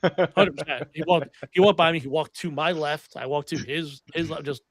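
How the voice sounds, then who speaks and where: A young man hosting a podcast, chatting casually and telling animated stories with some swearing. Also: on the high side, moderate pace, dry recording. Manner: animated storyteller, swears freely. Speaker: podcast host. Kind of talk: casual chat.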